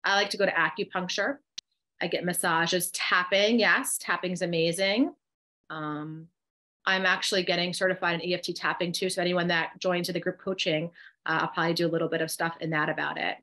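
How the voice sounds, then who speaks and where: A woman's voice: on the low side, steady tone, a little fast, sharp tone. Middle-aged jersey woman on a video call, coaching a group thru breathing, reading the chat, encouraging. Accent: New Jersey. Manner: encouraging, guides breathing exercises step by step; reads and reacts to chat comments. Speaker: co-host and coach. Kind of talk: live online workshop.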